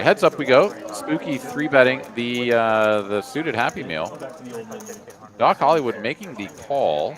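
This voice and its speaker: A man, commentating a live poker cash game in a laid-back, drawling way with frequent fillers. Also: lowish voice.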